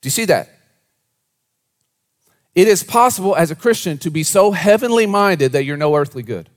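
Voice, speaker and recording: Man, pastor, sermon, slightly high voice, hushed to animated delivery. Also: normal speed. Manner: dynamic preaching, swings from hushed to animated.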